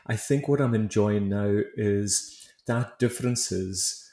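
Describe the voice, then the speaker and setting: A man's voice: lowish voice, slow pace, warm tone, echoey room. A man with a Hebridean Scottish accent, chatting casually as an interview guest, friendly and laughing lightly. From Isle of Lewis, Outer Hebrides, Scotland. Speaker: guest baker and author.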